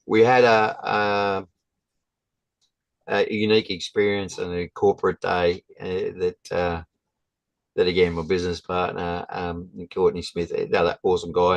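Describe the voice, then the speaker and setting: A man, a guest telling a story in a halting, casual way with many restarts. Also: low voice, dry recording, lo-fi sound.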